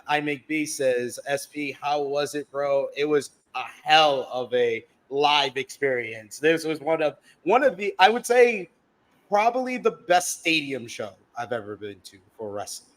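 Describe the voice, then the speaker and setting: A man hosting a casual live podcast, upbeat and chatty as he reads out the chat. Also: fairly high pitch. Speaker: podcast host.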